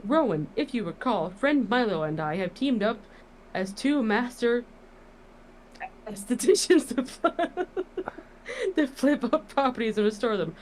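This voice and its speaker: A woman's voice: on the high side, expressive, unhurried, long pauses, slight background noise, low-quality recording. A woman voicing a pompous male vampire count who speaks in stiff, flowery phrases. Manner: stiff, flowery, overly formal.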